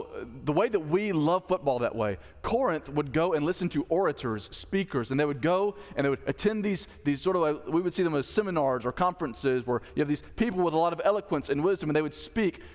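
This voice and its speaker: A man's voice: a little high, big-room sound. A male pastor preaching a sermon in a conversational style, with asides to the congregation. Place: church sanctuary.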